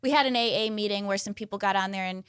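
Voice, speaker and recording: Smooth-voiced woman guest. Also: mid-range voice, fast, dry recording, clean studio sound. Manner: eager, sprinkled with ums and restarts. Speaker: community ambassador guest. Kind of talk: casual conversation.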